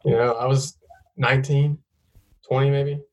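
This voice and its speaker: A young man chats casually, spinning rambling, profane stories. His voice sits at a middling pitch for a man. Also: level tone, moderate pace, darkish tone, rough recording. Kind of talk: casual chat.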